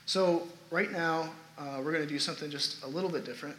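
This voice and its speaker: A man's voice: a little high, quick pace, fairly bright tone, slight background noise. A man preaching a sermon to his congregation in a church sanctuary, talking earnestly and building emphasis. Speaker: pastor. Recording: roomy echoey sanctuary sound.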